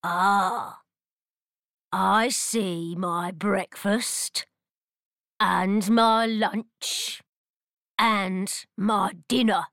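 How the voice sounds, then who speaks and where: A hungry troll gloats over the meals he means to catch, voiced by a woman reading aloud. She keeps near her own fairly high voice, only a touch lower. Each word comes slowly and deliberately, close and dry. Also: steady tone, a bit bright, no room sound. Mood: gloating. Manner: slow, deliberate storybook delivery. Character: hungry male troll under a bridge.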